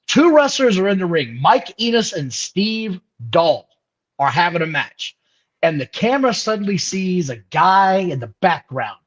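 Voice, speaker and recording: A man co-hosting a wrestling podcast, telling stories in a slangy, animated way. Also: fairly high pitch. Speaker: podcast co-host. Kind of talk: casual chat. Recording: dull lo-fi sound.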